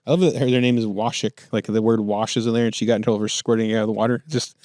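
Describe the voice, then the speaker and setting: A man's voice: on the low side, flat delivery, rapid-fire, darkish tone, no echo, studio quality. A man hosting a comedy podcast, reading news headlines aloud and joking between them with frequent laughs. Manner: jokey, laughs often, reads headlines aloud. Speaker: podcast host. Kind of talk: casual comedic news chat.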